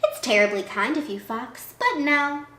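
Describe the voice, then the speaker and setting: A woman's voice: high voice, big pitch swings, measured pace, sharp tone, full character voice. A woman doing a bold, clever little mouse. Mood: boastful. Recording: echoey room.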